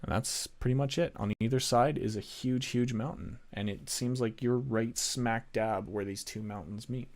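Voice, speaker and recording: A man's voice: mid-range voice, fairly even intonation, moderate pace, few pauses, darkish tone. A man narrating a tabletop game as game master, casual and rambling.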